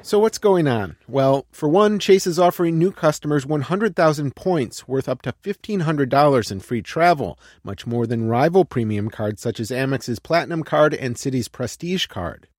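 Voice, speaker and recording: A man's voice: on the high side, lively intonation, normal speed, hardly any pauses, darkish tone, no room sound, clean studio sound. Male radio reporter filing a story. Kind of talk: scripted news report.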